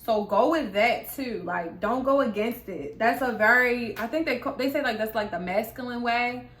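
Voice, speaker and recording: A woman's voice: a little high, moderate pace, fairly bright tone. Chatty young woman in an echoey room. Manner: candid, chatty, lots of fillers and asides. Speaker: vlogger. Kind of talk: casual chat.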